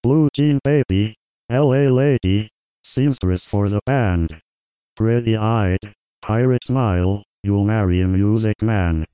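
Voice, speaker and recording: A man's voice: fairly low pitch, takes it slowly, mellow, clean tone, no echo, poor audio. A synthetic male computer voice reading lyrics in an awkward, robotic way. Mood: flat. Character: flat low-fi male computer voice. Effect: text-to-speech. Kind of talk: reading song lyrics aloud.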